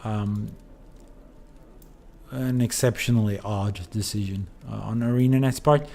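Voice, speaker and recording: A man's voice: on the low side, measured pace, vocal fry, a little mellow, a little hiss or hum. Sleepy, rambling male game streamer. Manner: rambling, hesitant, many fillers. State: sleepy, yawning. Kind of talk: casual let's play commentary.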